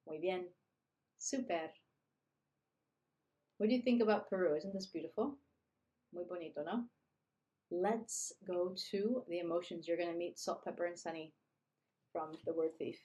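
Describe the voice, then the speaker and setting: A woman teaching a beginner online language lesson, upbeat and repeating phrases slowly for learners. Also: medium pitch, darkish tone.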